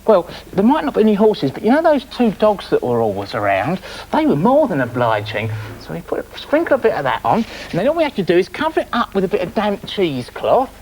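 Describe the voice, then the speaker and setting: A man's voice: high-pitched, wildly swooping pitch, a little fast, few pauses, darkish tone, slight background noise, rough recording. A man presenting on children's TV, rambling enthusiastically through a daft scripted comedy sketch.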